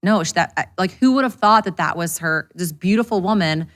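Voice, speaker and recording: A woman entrepreneur chats on a podcast at a rapid clip. Her voice sits a little low and her talk is frank and unfiltered, with the odd curse. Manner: rapid, animated, candid with swearing. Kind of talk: casual podcast conversation.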